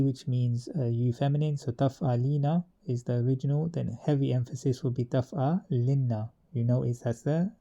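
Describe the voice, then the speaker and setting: A man teaches grammar in a patient, methodical way, repeating each point as he goes through the table. His voice is deeply dark and mellow at a middle pitch. The recording is dull and lo-fi. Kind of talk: explaining a grammar table, with fillers and restarts.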